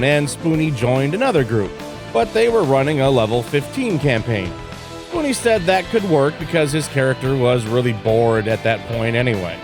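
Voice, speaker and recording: A man reads a scripted recap at a steady, measured clip, his voice sitting mid-range. Faint instrumental music plays beneath him. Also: mid-range voice. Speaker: tribute video narrator. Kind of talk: scripted narration.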